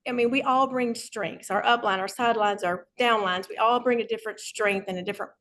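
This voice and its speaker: A woman on a video call giving an emotional, excited thank-you, laughing often and trying not to cry. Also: medium pitch. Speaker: honored team member.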